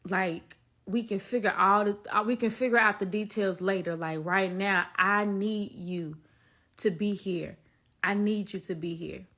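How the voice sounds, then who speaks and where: A steady, caring woman friend, as a storyteller acts her out, talking firmly and soothingly. She sounds urgent but stays controlled. The voice is bright and crisp. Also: mid-range voice, a little slow.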